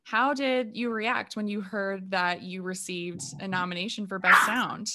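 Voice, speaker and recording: A woman's voice: mid-range voice, fairly even intonation, unhurried, pushed and bright. A woman interviewing sound mixers, asking questions and laughing along.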